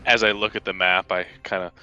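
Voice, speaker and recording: A man playing in a tabletop game, relaxed and joking with the group. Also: deep voice, brisk, lo-fi sound, music in the background. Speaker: player. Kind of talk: casual tabletop play.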